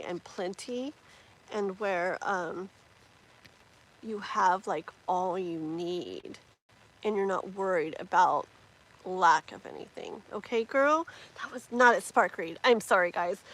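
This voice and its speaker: A woman's voice: medium pitch, measured pace, poor audio. A woman giving tarot readings on a live stream, chatty and rambling with many fillers and restarts. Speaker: tarot reader.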